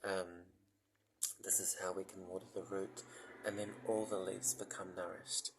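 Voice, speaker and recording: Soft-spoken slow man, gentle meditation talk. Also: low voice, level tone, noisy background. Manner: soft-spoken, unhurried, apologetic, with frequent ums and pauses. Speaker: meditation teacher.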